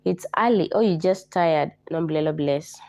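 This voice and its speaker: A Kenyan woman hosting a casual livestream, hoarse from a flu, greeting viewers by name and repeating herself often. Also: sits low, normal speed, a little mellow. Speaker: livestream host.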